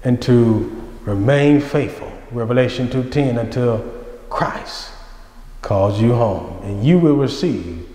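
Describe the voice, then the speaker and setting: A man's voice: medium pitch, dark tone. A man, a senior minister, delivering a sermon in a fervent, pleading preacher's cadence. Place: church sanctuary. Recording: echoey church hall.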